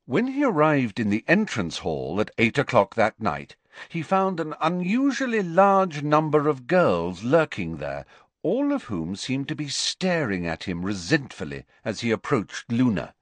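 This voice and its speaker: A man narrating an audiobook with expressive, varied storytelling. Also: medium pitch, measured pace, no echo. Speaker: audiobook reader.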